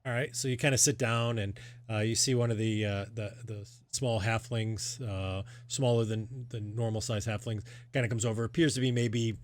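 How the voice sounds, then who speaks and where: A man narrates as game master of a tabletop game in a loose, hesitant way. His voice sits fairly low and he fills gaps with plenty of uhs and ums. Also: fairly even intonation, moderate pace.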